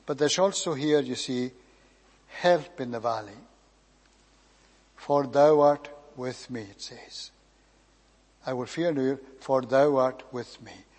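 Man preaching in a reverberant hall. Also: mid-range voice. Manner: measured, emphatic preaching with drawn-out phrases and quiet trailing endings. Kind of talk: sermon.

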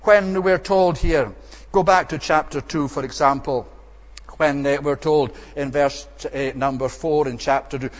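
A man delivers an expository sermon and stresses his points with repeated, emphatic phrases. His voice sits a little high for a man. It rings out with a long reverb, as in a church sanctuary. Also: fairly even intonation, a little slow. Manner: emphatic, repetitive rhetorical phrasing. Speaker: preacher.

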